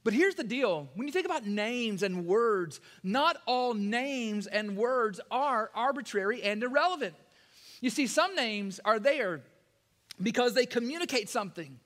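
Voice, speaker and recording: A man preaching a sermon to his church in a folksy, energetic way. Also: very high-pitched, measured pace. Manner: folksy, energetic preaching, acts out quoted lines. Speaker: pastor. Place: church sanctuary.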